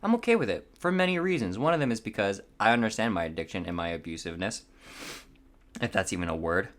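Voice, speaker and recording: A man's voice: lowish voice, lively intonation, fast, fairly bright tone. A young man around twenty, hosting a podcast in a rambling, casual, profane monologue with nervous voice cracks. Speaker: podcast host.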